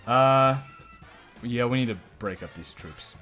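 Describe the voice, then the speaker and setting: A man's voice: mid-range voice, a little slow, a bit bright, faint music behind. A man streaming live gameplay, commenting casually in a joking, profane, self-mocking way. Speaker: game streamer.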